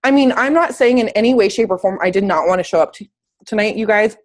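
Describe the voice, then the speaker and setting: A woman's voice: medium pitch, fast talker. Sick woman coaching a team call. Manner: upbeat and emphatic, with casual slang. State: sick, slightly wheezy. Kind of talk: casual motivational talk. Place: at home, in bed.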